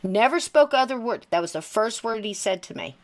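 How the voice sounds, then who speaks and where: A middle-aged woman telling a personal story in casual conversation, earnest and emphatic, halting with frequent restarts. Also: on the high side, lively intonation.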